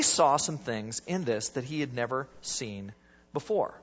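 Husky animated preacher in a reverberant church. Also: male voice, medium pitch, unhurried. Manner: animated, emphatic preaching with sudden rises and soft drops. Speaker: pastor. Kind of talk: sermon. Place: church sanctuary. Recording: dull sound with long church reverb.

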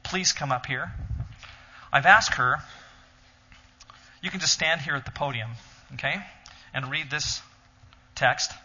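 A man's voice: a little high, slow, pauses often, sharp tone, slight background noise. A man giving an earnest teaching sermon, explaining a Bible passage step by step to a congregation in a church hall. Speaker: teacher leading a Bible study. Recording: dull sound in a reverberant hall.

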